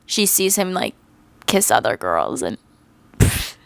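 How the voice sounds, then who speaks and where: A woman's voice: a bass voice, takes it slowly, vocal fry, no room sound. A young woman hosting her channel, ranting animatedly about a cartoon show with exasperated jokes. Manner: animated, exasperated, joking rants. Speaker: channel host. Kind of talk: casual fan commentary.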